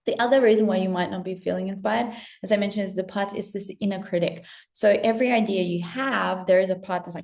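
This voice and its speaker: Gravelly-voiced woman giving a casual pep talk. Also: mid-range voice, fairly even intonation, normal speed, hardly any pauses. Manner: candid, swears freely, drops to soft whispers. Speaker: spiritual coach and vlogger. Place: indoors while traveling.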